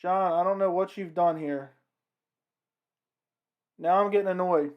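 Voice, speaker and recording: On a lo-fi recording, a man with a high voice speaks a little slowly while hosting a casual livestream. He chats away, responding to a fight he's watching and to messages from his viewers.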